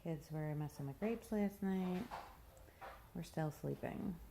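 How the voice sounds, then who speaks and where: A woman's voice: fairly low pitch, slow, gravelly, background noise. A mother giving a casual, rambling walking tour of her messy house, sounding tired and plain-spoken. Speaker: mother vlogging a home tour. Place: house, indoors and around the yard.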